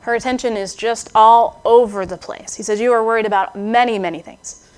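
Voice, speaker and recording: A woman delivering a sermon in a relaxed, conversational way, slipping into the voices of the people she quotes. Her voice sits somewhat high for a woman, and she sounds like a young adult. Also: fairly quick, clean tone. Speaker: preacher.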